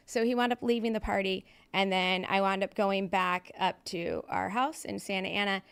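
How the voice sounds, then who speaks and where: A woman's voice: medium pitch, normal speed, creaky, few pauses, fairly bright tone. A woman in her thirties from Southern California, telling her own recovery story on a podcast in a candid, blunt way with plenty of fillers. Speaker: podcast guest.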